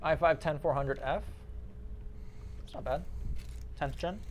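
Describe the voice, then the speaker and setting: A man's voice: fairly high pitch, unhurried. A man hosting a PC build livestream, explaining hardware in a laid-back, casual way, with faint music underneath. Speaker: PC build stream host.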